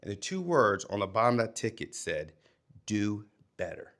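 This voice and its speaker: A man and former coach giving a motivational talk to young people, emphatic, swinging between loud and hushed delivery. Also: lowish voice, sing-song, fairly quick.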